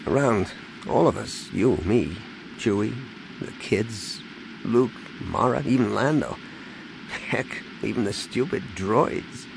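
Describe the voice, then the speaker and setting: A man voicing a grieving middle-aged starship captain, talking quietly with a breaking voice. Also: fairly low pitch, animated, slow pace, gravelly, noisy background, heavily acted.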